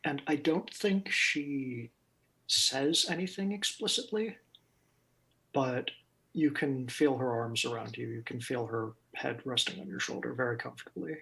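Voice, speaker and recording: A man narrating as game master of a tabletop role-play game, with calm, measured narration addressed to the players. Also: mid-range voice, gravelly.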